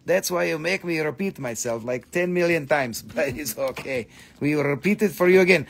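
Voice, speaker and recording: Gravelly, joking man hosting a live sale. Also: a little high, moderate pace, a little hiss or hum. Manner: joking, swears casually, repeats himself. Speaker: host selling crystals. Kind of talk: casual live-stream sales chat.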